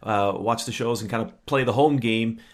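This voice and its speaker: A man's voice: on the low side, moderate pace. A man hosting a casual podcast, chatty and upbeat, talking loosely with plenty of filler words. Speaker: podcast host.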